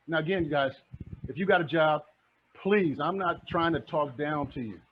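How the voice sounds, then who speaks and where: A man's voice: a little high, moderate pace, slight background noise. A middle-aged man giving a fiery, passionate real estate presentation, repeating lines for emphasis. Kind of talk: energetic motivational talk. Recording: dull lo-fi recording.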